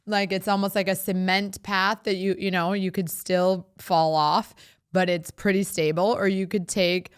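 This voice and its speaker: Woman in her 30s podcasting, slow and heartfelt, smooth voice, dry close sound. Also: medium pitch, little pitch movement, dry recording. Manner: heartfelt, emotional, laughs often. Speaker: podcast host. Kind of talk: personal reflective monologue.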